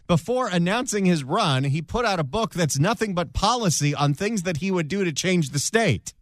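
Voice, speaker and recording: A male co-host on a talk radio show throws in quick jokes. His voice sits a bit high, and the studio is dry and close. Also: expressive, dry recording. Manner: wisecracking.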